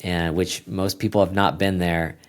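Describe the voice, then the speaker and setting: A man's voice: low voice, little pitch movement, normal speed. A man speaking as a guest accountant in a casual, rambling interview, often restarting his sentences. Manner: rambling, self-correcting, plain-spoken.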